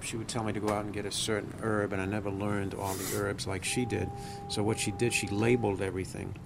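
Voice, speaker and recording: A man giving a tour of a garden and house, talking in a halting, reflective way with many fillers. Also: lowish voice, level tone, vocal fry. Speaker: widower giving a home tour. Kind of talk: interview recollection while walking. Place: garden outdoors. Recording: outdoor noise with passing traffic.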